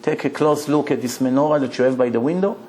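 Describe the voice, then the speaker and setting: A man's voice: mid-range voice, fast, background noise, voice pushed down, lightly acted. A man voicing a polite, hesitant older woman asking a stranger a favor.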